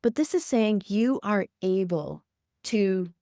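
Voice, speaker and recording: A woman's voice: medium pitch, expressive, takes it slowly, dark tone, no room sound, clean studio sound. A woman hosting a tarot forecast podcast, talking through the cards with repeated encouraging affirmations. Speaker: tarot reader and podcast host.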